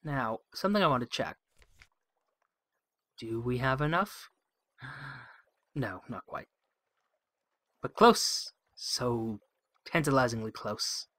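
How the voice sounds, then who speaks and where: A man's voice: medium pitch, animated, slow pace, long pauses, a bit bright. Wry musing let's play man. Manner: musing, wry, thinks aloud with many hmms. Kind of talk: game playthrough commentary, reading text aloud.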